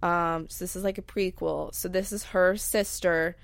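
A woman's voice: lowish voice, fairly even intonation, normal speed, creaky, no echo. Woman explaining plot in casual chat. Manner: explaining patiently, laughing often. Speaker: movie watch-along co-host.

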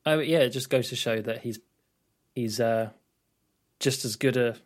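A man's voice: medium pitch, unhurried. A man co-hosting a podcast, talking about a film in a laid-back, hesitant way with frequent restarts and laughs. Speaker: podcast co-host. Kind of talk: casual film review chat.

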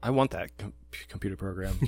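A man co-hosts a podcast in a low, darkish voice at normal speed. He chats casually, laughs often, and acts out quotes.

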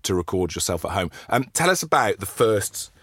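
A man's voice: low-pitched, big pitch swings, brisk, fairly bright tone, slightly rough, no room sound, clean studio sound. A man hosting a podcast, interviewing his guest in a teasing, jokey way. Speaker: podcast host. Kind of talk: casual interview chat.

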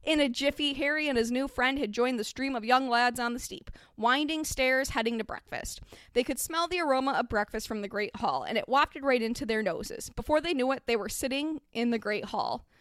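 A woman's voice: on the high side, a little fast, a bit bright, no echo, studio quality. A woman podcast host giving a comedic dramatic reading of a parody story, mock-earnest with wry asides.

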